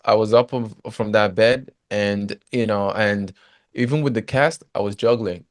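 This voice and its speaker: A man, a former footballer, telling his story as a guest in a casual interview, animated and often saying "you know". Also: fairly low pitch, measured pace, no room sound, clean studio sound.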